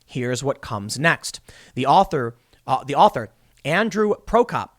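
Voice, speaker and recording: Animated, sarcastic male political commentator. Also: mid-range voice, a little slow. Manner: animated, sarcastic, mocks opponents. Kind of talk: news reading with opinionated commentary.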